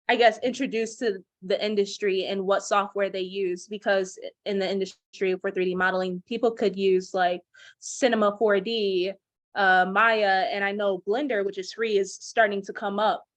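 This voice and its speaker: A young woman, a program graduate, chatting on a video call, rushing ahead when excited. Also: medium pitch, dry recording. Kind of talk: casual video-call conversation.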